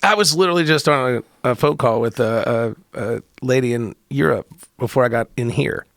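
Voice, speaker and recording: A man with a bright, forceful voice, chatting casually as a podcast guest. He jokes and laughs often in a relaxed back-and-forth. The sound is close and dry. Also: mid-range voice, fairly quick, gravelly, no echo. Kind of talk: casual chat.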